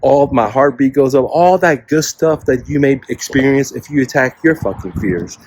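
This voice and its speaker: A man's voice: medium pitch, normal speed, darkish tone, no room sound, poor audio. A man in his forties, a real estate coach, giving a blunt, profanity-laced motivational talk packed with "man" and "bro". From refugee to the US. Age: 40s.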